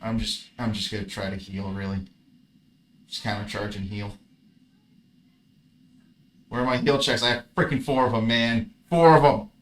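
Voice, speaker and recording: A man's voice: fairly low pitch, little pitch movement, normal speed, long pauses, a bit bright. A man casually commentating his own card game match, grumbling and swearing at his bad luck.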